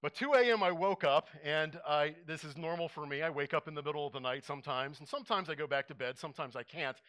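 A male pastor delivering a sermon, telling an animated story and acting out his own reactions. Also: a little high, fast.

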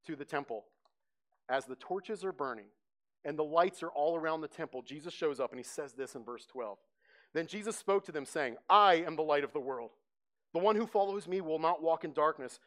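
A man preaching a sermon, telling the scene with lively storytelling and acting out the crowd's voices. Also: on the high side. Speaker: pastor. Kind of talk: sermon teaching.

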